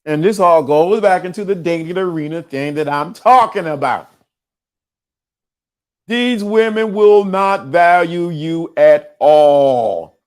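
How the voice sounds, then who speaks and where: A man hosting a casual livestream, talking in an animated way, often laughing and using streetwise slang. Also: a little high, slow pace. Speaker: livestream show host.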